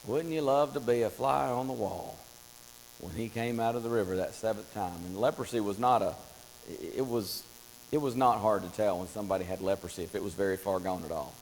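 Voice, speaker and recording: A man preaching a Bible study in a church, telling the story with lively acted-out voices. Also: on the low side, fairly quick. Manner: animated storytelling, acts out voices of Bible figures. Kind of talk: Bible class teaching. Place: church classroom. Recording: long hall reverb with faint mains hum.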